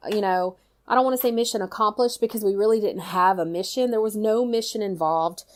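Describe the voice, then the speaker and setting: A middle-aged woman tells a personal story in casual chat, animated and full of "you know" fillers. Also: medium pitch, fairly quick. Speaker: guest storyteller, mother.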